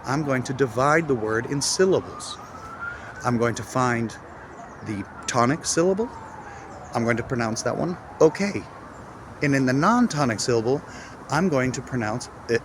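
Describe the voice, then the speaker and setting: A man's voice: medium pitch, expressive. Guy teaching english sounds, punchy and demonstrative, bit of traffic noise outside. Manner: emphatic, demonstrative, repeats words slowly for drills. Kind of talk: casual video lesson.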